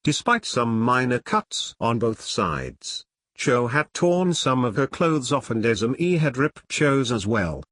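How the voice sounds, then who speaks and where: A man narrating a crude comic story in a wry, deadpan way. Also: medium pitch, takes it slowly, dry recording.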